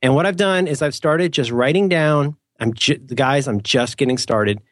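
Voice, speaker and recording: A man's voice: mid-range voice, normal speed, no room sound, studio quality. A man co-hosting a podcast in casual chat, rambling and self-mocking with playful mock-formal asides. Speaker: podcast co-host.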